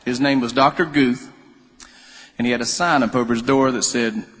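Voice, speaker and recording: A man's voice: mid-range voice, steady tone, normal speed, fairly bright tone. A man from North Carolina, telling jokey stories on stage between songs at a concert. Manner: folksy, joking storyteller. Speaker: musician on stage. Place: concert venue. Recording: live hall reverb.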